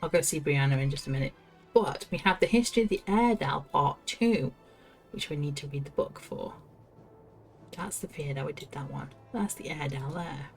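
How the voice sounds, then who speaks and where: Woman playing a game on stream, giggles a lot, reads quests out, low-ish voice. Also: brisk, darkish tone, faint music behind. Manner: chatty, giggly, talks to herself. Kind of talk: casual gameplay commentary, reading quest text aloud.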